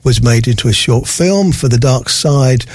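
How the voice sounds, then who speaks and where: A man's voice: mid-range voice, normal speed, husky, no room sound. A man presenting a radio interview, introducing his guest and asking friendly, casual questions.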